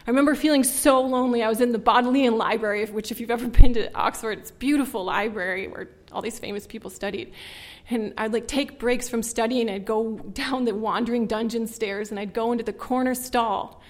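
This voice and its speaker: A woman's voice: fairly high pitch, steady tone, fairly quick. Earnest woman giving a personal testimony. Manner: earnest, conversational, with frequent "like". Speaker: speaker sharing her testimony.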